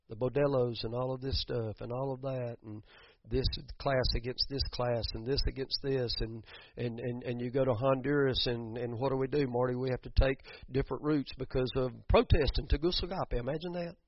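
A pastor with a medium-pitched voice preaches a sermon, building up to emphatic bursts and repeating words along the way. The recording is dry, with a dull, muffled sound and no echo.

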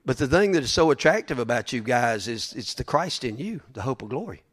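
A man's voice: medium pitch, very animated, a little fast. Folksy preacher man. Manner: folksy, emphatic, repeats himself. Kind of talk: sermon.

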